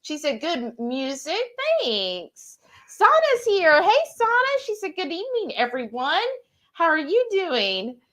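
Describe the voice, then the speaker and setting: A woman co-hosting a live cooking stream, greeting viewers by name and reading their comments aloud in an animated way. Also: high-pitched, takes it slowly.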